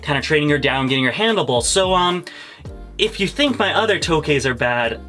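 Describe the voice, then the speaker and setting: A young man hosting a casual reptile vlog, excitable, laughing often and cursing casually. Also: fairly high pitch, a little fast, soft background music. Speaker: reptile breeder and channel host.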